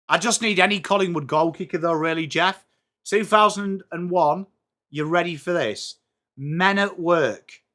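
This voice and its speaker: Reading trivia aloud and joking at his own expense, a young English livestream host talks with viewers through a live sports watchalong. He has a bright, forceful voice of fairly high pitch.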